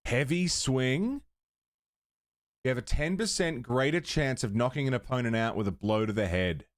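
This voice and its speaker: A man's voice: mid-range voice, expressive, moderate pace. Chatty man streaming a game. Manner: chatty, talks to his cat and chat. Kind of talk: casual livestream chat.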